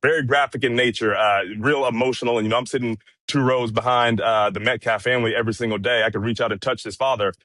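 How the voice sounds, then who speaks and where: A man recounts a day of trial testimony in a calm, measured voice, padding his sentences with fillers. The sound is dry and close to the mic, with no room around it. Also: medium pitch, no room sound. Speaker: courtroom correspondent. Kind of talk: casual commentary chat.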